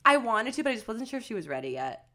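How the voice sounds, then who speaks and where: A woman's voice: on the high side, big pitch swings, rapid-fire, a bit bright. A young woman co-hosting a podcast, telling a family story in a casual, chatty way, full of "like" fillers and acted-out quotes. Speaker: podcast co-host.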